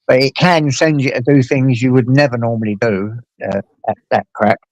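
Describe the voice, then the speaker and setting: A man hosting a casual chat, talking bluntly with plenty of swearing and lively storytelling. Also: medium pitch, moderate pace, no room sound, muffled recording. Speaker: host.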